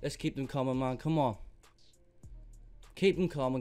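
A young man hosting an excited gaming commentary, swearing freely and swinging between pleading and loud shouts. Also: medium pitch, moderate pace, faint music behind. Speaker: host.

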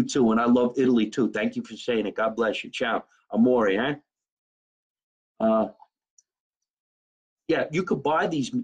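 A man's voice: medium pitch, a little mellow, breathy edge, poor audio. A man from New Jersey, a comedian hosting a live stream from his kitchen, joking brashly and swearing freely in casual chat. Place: home kitchen.

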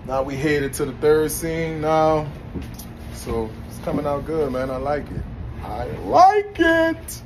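A man's voice: a little high, steady tone, a little slow, poor audio. A man talking playfully to his camera during a video shoot, hyping up his viewers. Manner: playful, hyped, talks straight to viewers. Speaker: rapper filming a behind-the-scenes vlog. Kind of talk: casual vlog talk to camera. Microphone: handheld camera. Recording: loud wind noise on camera mic.

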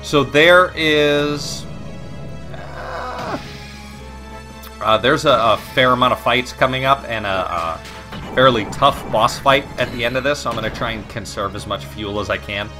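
A let's play commentator rambles casually over a video game with game music playing behind him, joking, swearing and poking fun at himself. He speaks unhurriedly in a mid-range voice with big swings in pitch.

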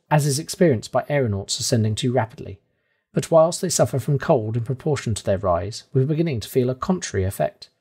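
A man reading a classic novel aloud in calm, measured audiobook narration. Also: mid-range voice, husky.

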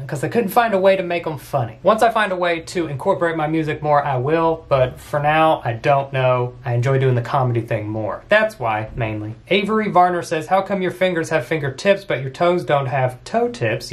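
A young man in his twenties with a fairly high voice runs through viewer questions in a loose, casual vlog. He reads each comment aloud and answers with quick jokes and frequent laughs. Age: 20s. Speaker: YouTuber answering fan questions.

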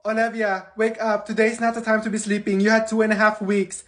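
A man's voice: high-pitched, monotone, a little fast, a bit bright. A man playing a strict bossy schoolteacher. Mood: stern. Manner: stern, scolding. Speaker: comedic skit creator. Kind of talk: comedy sketch voices.

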